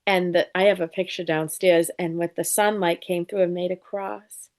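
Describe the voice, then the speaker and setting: A woman guest on an interview show, telling lively, lighthearted stories and acting out quotes as she talks. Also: on the low side, normal speed. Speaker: psychic medium guest. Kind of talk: casual interview storytelling.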